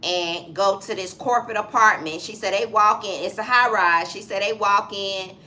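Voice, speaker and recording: A woman's voice: mid-range voice, normal speed. A woman in her forties with a Southern US accent, co-hosting a casual chat show and animatedly retelling a story. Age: 40s. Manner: animated retelling, acting out voices. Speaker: co-host.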